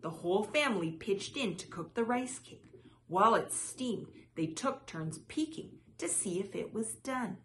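A woman reading a children's picture book aloud in a soft, measured way. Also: medium pitch, expressive, a little hiss or hum. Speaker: storyteller.

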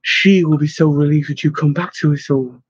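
A man doing a hushed, eager nun. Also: deep voice, steady tone, normal speed, slightly rough. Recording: slightly dull, dry recording.

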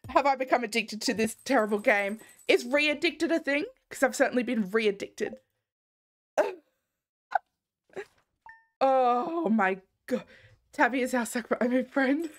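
A woman's voice: fairly high pitch, fairly bright tone. A young woman commenting casually while streaming a game, grumbling to herself in theatrical exasperation.

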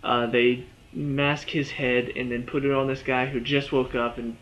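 A man's voice: medium pitch, flat delivery, unhurried, fairly bright tone, lo-fi sound. A man giving a casual, rambling spoken review of a TV episode, full of "you know" and "like".

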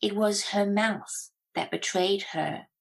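A woman author giving a measured, unhurried reading of her own novel. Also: mid-range voice, gravelly, rough recording.

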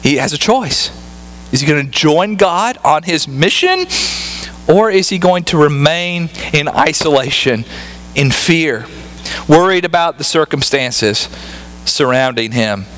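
A man with a notably high voice preaches to his congregation. He keeps the tone conversational and leans on rhetorical tag questions to pull listeners along. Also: animated, unhurried, fairly bright tone, low-quality recording. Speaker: pastor. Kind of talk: sermon.

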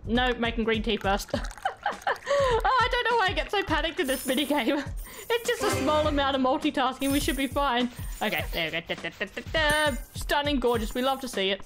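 Woman gamer chatting thru a let's play, lively bouncy voice, kinda high, talks to the characters. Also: brisk, faint music behind. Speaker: gaming channel host.

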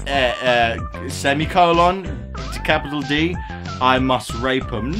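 A man's voice: medium pitch, slow pace, fairly bright tone, soft background music. A man vlogging as he reads viewer comments aloud, playful and jokey with sudden silly outbursts. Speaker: YouTuber reading viewer comments. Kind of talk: goofy comment-reading vlog.

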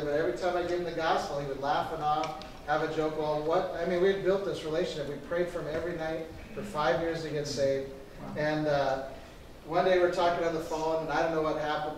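Storytelling pastor in an echoey church. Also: male voice, on the high side, a little hiss or hum. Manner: storytelling, animated quoted voices. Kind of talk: sermon to a church class. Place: church classroom. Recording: echoey room from far off.

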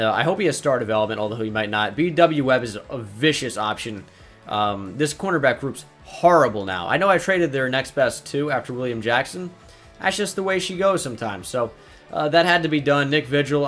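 A man's voice: medium pitch, a bit bright. A young man giving casual commentary over a sports video game, blunt and exasperated, swearing freely. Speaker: gaming YouTuber.

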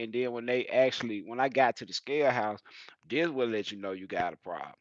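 A male heavy-haul truck driver hosts a casual livestream Q&A. He tells stories in an animated, laughing way at a mid pitch. The audio is dry and a little dull. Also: fast talker, no echo.

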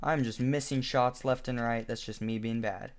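A man giving casual commentary over his own shooter match, chatty and self-deprecating, with sudden excited outbursts. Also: mid-range voice, normal speed. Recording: noisy home recording with background hiss. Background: keyboard clicks and in-game gunfire.

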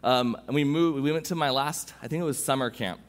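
Speaking briskly in a mid-range voice, a youth pastor in his young adult years delivers a sermon in a church sanctuary, where the hall's long reverb lingers. Originally from Southern California, he shares a personal story in a loose, informal way full of restarts.

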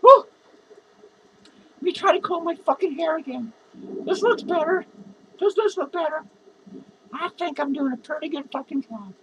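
Shrill sloshed clown dude, cussing nonstop and rambling with slurred words. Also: male voice, normal speed, slight background noise, poor audio. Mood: drunk, rambling. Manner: slurred, rambling, swearing constantly, giggling. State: drunk. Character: drunk, foul-mouthed lonely male clown. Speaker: comedy character performer. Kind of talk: improvised comedy monologue.

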